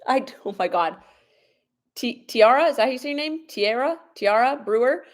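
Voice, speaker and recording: A woman's voice: fairly high pitch, lively intonation, brisk. Chatty young woman live-streaming at home. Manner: chatty, laughs often, answers viewer questions. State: a little sick with sniffles. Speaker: vlogger hosting a live stream. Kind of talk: casual live-stream chat reading comments. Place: home, at a laptop in the kitchen. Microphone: laptop or phone camera propped up.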